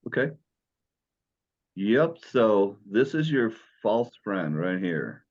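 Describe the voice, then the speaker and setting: A man's voice: fairly low pitch, sing-song, slow, a little mellow, dull audio. A man teaching a beginners' Greek class, explaining letters and sounds patiently, step by step. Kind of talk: classroom lesson.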